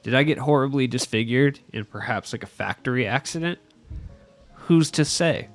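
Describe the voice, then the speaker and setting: A man's voice: mid-range voice, lively intonation, normal speed, soft background music. A young man talking through a gaming video with a nasal, allergy-stuffed voice, rambling and poking fun at himself. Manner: rambling and self-mocking, with frequent likes. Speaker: gaming YouTuber. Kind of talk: casual gaming commentary. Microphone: voice-over without face cam.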